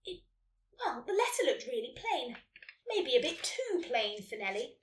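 A woman voicing an excitable young girl narwhal who wails and shouts. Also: a little slow, slight background noise. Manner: high, excitable. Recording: roomy echo, distant mic.

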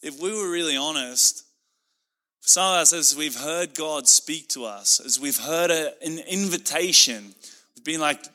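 Male pastor preaching with passion, slightly high, bright, forceful delivery. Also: a little slow, in a large hall. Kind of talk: sermon.

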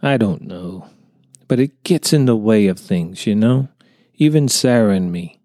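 A man's voice: fairly low pitch, lively intonation, a little slow, dark tone, no echo, studio quality. A man voicing an earnest young contractor who tells his story hesitantly in a storybook reading. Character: earnest younger male contractor, unsettled by a sighting.

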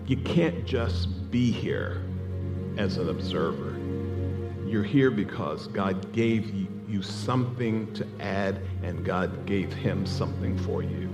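A low-voiced male preacher with a lively, swinging delivery, acting out the characters as he tells the story. His voice rings with the long reverb of a big hall. Music plays clearly behind him. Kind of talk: sermon.

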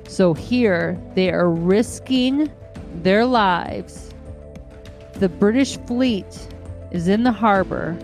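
Slow, earnest woman podcast host. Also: on the low side, a little mellow. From United States. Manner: earnest, heartfelt, repeats phrases for emphasis. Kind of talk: casual monologue.

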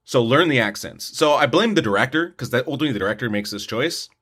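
A man's voice: mid-range voice, expressive, fast, fairly bright tone, husky. Chatty man reviewing movies on a podcast. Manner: rambling, many restarts, opinionated. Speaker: podcast co-host, film reviewer. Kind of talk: casual movie review chat.

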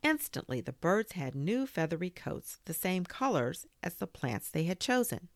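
A woman reading a children's story aloud as a podcast host, gentle and expressive. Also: on the low side, normal speed, no room sound, studio quality.

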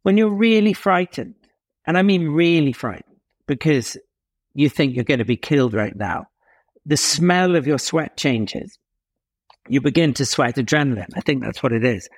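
An Englishman appears as an interview guest and tells a story with real animation, using dramatic pauses and emphatic rises and falls in pitch. The recording is studio quality with no room sound.

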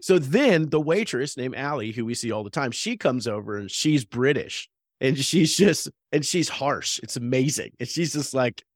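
A podcast co-host tells a story in casual chat, laughing often. His male voice is mid-range and expressive at a moderate pace, recorded in a clean studio with no echo.

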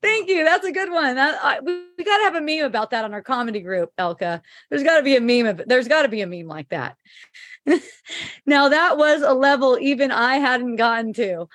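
A woman's voice: sits high, animated, a little fast, a bit bright, no echo. A middle-aged woman hosting a casual spiritual chat, reading viewer comments aloud, laughing often and swearing freely.

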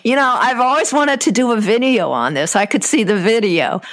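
A woman hosting a casual chat, talking in rambling sentences with restarts and backing her guest up with quick interjections. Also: a little high. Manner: chatty, warm reassuring interjections, rambling restarts.

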